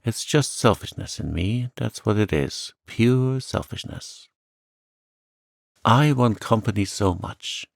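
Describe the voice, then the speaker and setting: A man's voice: lowish voice, animated, slow pace, vocal fry, no echo, clean studio sound, pitched above the performer's own voice, exaggerated voice. A man voicing a lonely, sweet little old lady who talks in a chirpy, eager, fluttery way. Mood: delighted.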